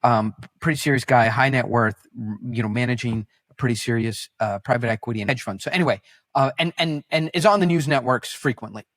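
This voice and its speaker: A man who is a podcast guest, telling stories in an animated, rambling way, with restarts. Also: medium pitch, a little fast, no echo, clean studio sound. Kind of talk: casual conversational storytelling.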